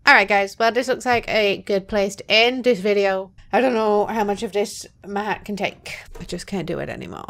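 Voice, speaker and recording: A woman with a mid-range, fairly bright voice plays a horror game, offering foul-mouthed, joking commentary at a moderate pace with vocal fry and few pauses. This let's play gamer comes across as profane, jumpy and playful.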